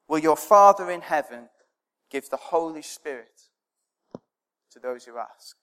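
A high-voiced man delivers a sermon, hammering home points with repeated phrases and questions he answers himself. His voice rings out in a hall with a long reverb trailing behind each line. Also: animated, a little slow, pauses often, smooth. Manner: emphatic, rhetorical questions and repetition, swelling then dropping to near quiet. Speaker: preacher.

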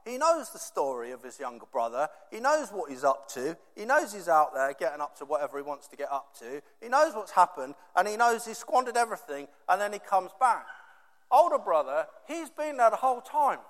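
High-voiced male preacher in a reverberant hall. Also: very animated, a bit bright. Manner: emphatic, repetitive, dramatic pauses. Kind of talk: sermon.

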